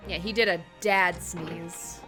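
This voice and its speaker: A woman commenting on a story game as she plays, excitable, swearing freely and laughing often, with game music behind her. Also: on the low side, takes it slowly. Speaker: let's play gamer. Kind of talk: gameplay commentary, reading dialogue aloud. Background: faint game music.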